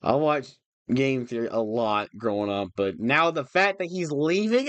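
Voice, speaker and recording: A man's voice: medium pitch, expressive, unhurried, fairly bright tone, no room sound. A young man chatting on a livestream, emotional and rambling, restarting his sentences often. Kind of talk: casual livestream chat.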